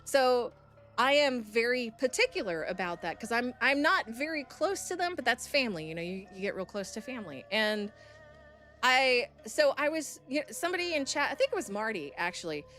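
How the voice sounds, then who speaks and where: A woman's voice: a little high, very animated, a little fast, a bit bright, faint music behind. A woman streamer telling a story to her chat in a blunt, profane, heated way.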